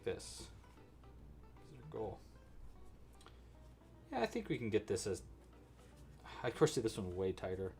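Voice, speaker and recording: A man hosts a casual live crochet lesson, his voice rising and falling in lively swings. He chats with viewers and counts stitches quietly as he works. Faint music plays behind him. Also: on the low side, measured pace, creaky, long pauses. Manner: chatty, reacts to live chat while crocheting; counts stitches aloud under his breath. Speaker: crochet livestream host. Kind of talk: casual live tutorial chat.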